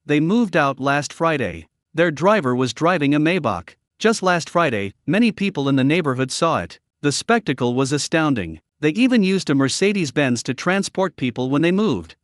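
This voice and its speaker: A man's voice: on the high side, big pitch swings, moderate pace, few pauses, no echo. Dry, close male story narrator. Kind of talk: scripted story recap narration.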